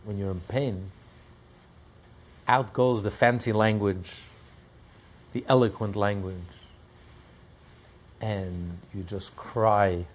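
A man teaching a religious text class, telling stories and breaking into shouts and laughter. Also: lowish voice, steady tone, slow, long pauses. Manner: storytelling, bursts into shouts and laughter. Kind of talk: animated Torah class with storytelling.

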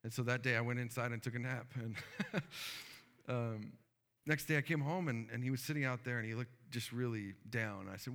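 A man's voice: mid-range voice, brisk, vocal fry, a bit bright, long reverb tail. A man, a pastor, preaching a sermon and telling a story earnestly, with many fillers.

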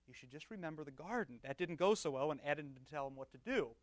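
A man preaching as pastor, teaching with banter and swinging from soft asides to loud emphatic bursts. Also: a little high, expressive, quick pace, dry recording. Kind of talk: teaching sermon with audience banter.

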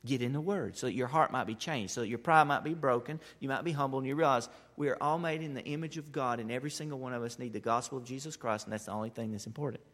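Impassioned male preacher in a reverberant hall. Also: fast. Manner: impassioned, rising to loud emphatic peaks then dropping low. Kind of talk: sermon.

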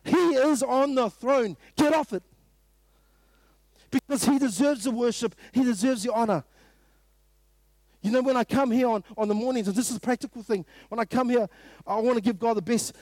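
Kiwi guy preaching a sermon, pretty high voice, asks the same question again and again, dead dry sound. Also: a little fast, no echo. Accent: New Zealand. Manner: emphatic, preaches in repeated rhetorical questions, rises to sudden loud bursts. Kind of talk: sermon at a morning prayer meeting.

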